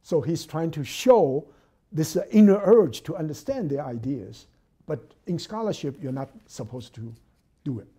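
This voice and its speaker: A man's voice: a little high, animated, normal speed, mellow, breathy edge. Man giving a lecture. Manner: thoughtful, hesitant with frequent fillers and restarts. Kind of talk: academic lecture.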